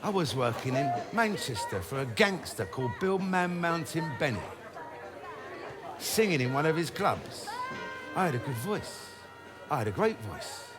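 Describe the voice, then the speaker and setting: A man's voice: fairly high pitch, very animated, a little slow, music in the background, a crowd in the background. A man voicing his elderly mother, a former jazz singer, speaking bluntly and matter-of-factly. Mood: reminiscing.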